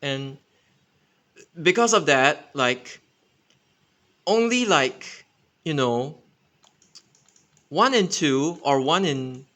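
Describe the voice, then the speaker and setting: Singaporean guy yapping unscripted, bright voice, lots of likes and uhs, keeps fixing himself mid sentence. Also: on the high side, expressive, extremely slow, pauses often. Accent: Singaporean English. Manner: rambling, filler-heavy, self-correcting. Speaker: transit enthusiast channel host. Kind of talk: unscripted casual explainer.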